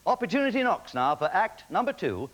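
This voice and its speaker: A man hosting a television talent show, joking in lively patter with chuckling asides. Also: high-pitched, a little fast. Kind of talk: TV host patter with jokes.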